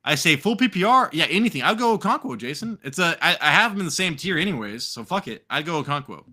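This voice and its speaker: On a live fantasy football podcast, an American male co-host talks at a quick clip in a higher-leaning voice. Drink in hand, he rambles, curses casually, and stays animated throughout the loose chat.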